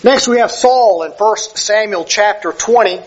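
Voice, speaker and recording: Male preacher, high husky voice, chatty sermon delivery with self-corrections, dull lo-fi sound. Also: a little slow. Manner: conversational, self-correcting, acts out quoted speech. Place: church sanctuary with slides.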